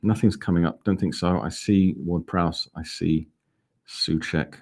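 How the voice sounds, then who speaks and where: A man's voice: low-pitched, steady tone, a little slow, gravelly, darkish tone. A man hosting a live fan watch-along, talking in a chatty, rambling, self-mocking way. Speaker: fan channel host.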